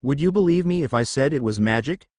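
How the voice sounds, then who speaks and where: A man's voice: mid-range voice, animated, quick pace, a little mellow, no echo, studio quality, lightly acted. A man voicing a cheeky, informal young male ninja in a storybook reading.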